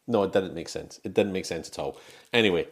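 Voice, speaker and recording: A man's voice: sits low, fairly quick. A man co-hosting a film podcast in casual, jokey chat, laughing often and teasing his co-host.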